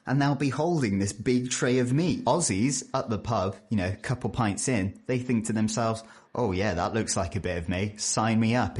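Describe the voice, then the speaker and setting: A British man in his twenties, talking casually to camera as a vlogger and telling stories with lively jumps in pitch. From United Kingdom. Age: 20s. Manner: animated storytelling, pitch jumps for quoted voices.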